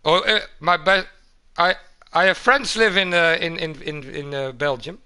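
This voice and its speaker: Male streamer, high-pitched, halting and repetitive, casual chat. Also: sharp tone, smooth. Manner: halting, repeats words, says man a lot.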